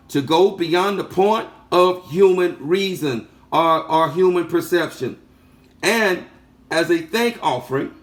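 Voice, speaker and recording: A man giving a sermon teaching, reading out passages and repeating phrases for emphasis with rhetorical questions. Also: fairly high pitch. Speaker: preacher.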